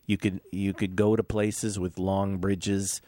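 A man's voice: low voice, flat delivery, takes it slowly, mellow. Chatty male interview host. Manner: chatty, jokey. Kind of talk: casual interview chat.

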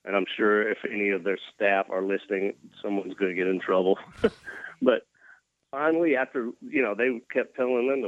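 A man with a lowish voice tells his story in a folksy, joking way, poking fun at himself. The sound is dry and a bit muffled, as if it came over a remote link. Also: fairly even intonation, a little fast, no echo. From Mississippi, US. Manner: folksy, joking, self-deprecating. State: recovering from cardiac arrest. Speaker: guest. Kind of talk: casual storytelling interview.

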